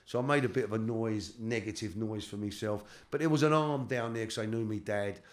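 A middle-aged man from London with a London accent, a guest in a candid interview, talking haltingly with casual slang and repeated words. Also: lowish voice. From London, England. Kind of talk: candid life-story interview.

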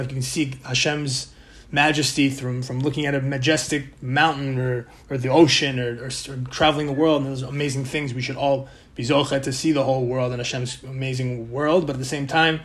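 A man giving a casual weekly Torah talk, conversational and mixing in Hebrew and Yiddish terms. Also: mid-range voice. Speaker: Torah teacher.

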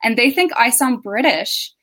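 A woman's voice: fairly high pitch, animated, normal speed, sharp tone. A young Canadian woman with a Canadian accent, a podcast guest chatting in a rambling, hesitant way with lots of ums. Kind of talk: casual chat.

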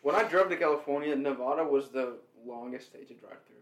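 A man's voice: mid-range voice, a little fast, reverberant, poor audio. A man in a casual group chat, blunt and joking. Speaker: former geology student.

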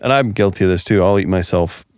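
A man's voice: deep voice, fast, darkish tone, no echo, clean studio sound. A man hosting a radio show, joking casually with his co-hosts. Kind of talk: casual banter.

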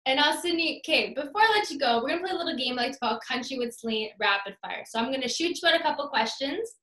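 High, bright woman interviewer. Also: lively intonation, fast talker. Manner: upbeat, encouraging questions. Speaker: interview host. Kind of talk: casual interview chat. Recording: echoey room.

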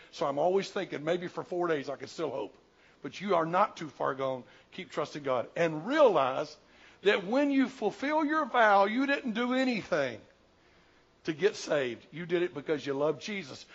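A man in his sixties from the Southern United States, a pastor preaching a sermon, swinging from loud bursts to hushed, slow asides. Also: fairly high pitch, husky. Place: church sanctuary. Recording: dull lo-fi church recording.

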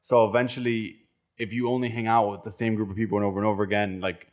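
Young man, Miami accent, lower voice, animated co-host chatter. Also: fast. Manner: animated, joking, swearing. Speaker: podcast co-host. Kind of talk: casual chat.

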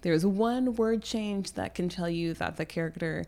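Woman, podcast co-host, casual book chat, animated, laughs a lot, lowish voice. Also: measured pace, creaky. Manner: animated, laughs often, acts out quoted lines.

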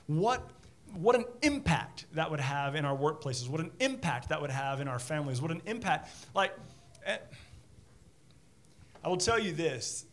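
A man's voice: on the high side, moderate pace. A middle-aged man preaching a sermon as pastor, chatty and self-deprecating, often repeating words as he starts a sentence. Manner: animated.

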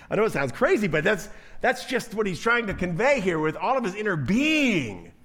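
A man preaching a sermon as pastor, animated, acting out quoted voices and often repeating himself. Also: sits high, unhurried.

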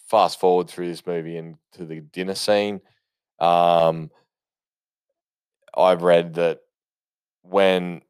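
A man with a low voice gives casual, rambling movie commentary, swearing a lot and using plenty of fillers as he eagerly talks about what he loves. The recording is dry, with a clean studio sound and clean tone.

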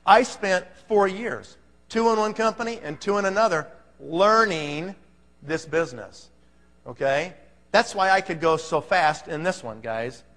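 A man with a slightly high, fairly bright voice delivers an emphatic, pumped-up motivational talk to a live audience. He fires off rhetorical questions, and the recording carries a long hall reverb.

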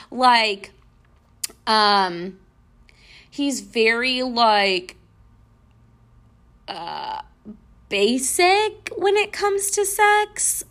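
A woman's voice: fairly high pitch, bright, forceful tone. A young woman hosting a podcast, casually telling a personal story to listeners, full of "like" and mocking retellings. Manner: chatty, frequent "like", mocking retellings. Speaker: podcast host.

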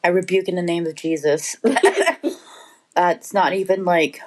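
A woman's voice: lowish voice, steady tone, unhurried, a little mellow, poor audio. A woman hosting her own podcast, chatting casually with a friend at home as they play a gross-flavour taste challenge, groaning, swearing and laughing. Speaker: podcast host. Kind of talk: casual chat while doing a taste challenge.

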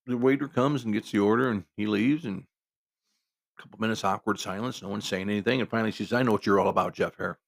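Creaky-voiced guy rambling through a story, lots of restarts and side comments. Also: medium pitch. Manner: rambling, conversational, with many restarts and asides. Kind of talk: casual spoken storytelling.

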